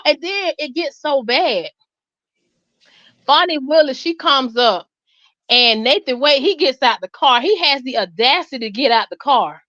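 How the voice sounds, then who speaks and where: A woman, hosting and telling a story in an animated, emphatic way. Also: high-pitched, normal speed, dry recording. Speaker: host. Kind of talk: casual storytelling chat. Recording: dull lo-fi sound.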